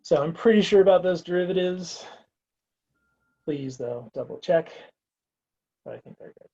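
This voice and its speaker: Husky man giving a casual math lecture. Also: high voice, animated, moderate pace, mellow, highs cut off. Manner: casual, wry, talks through steps aloud. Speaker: math instructor.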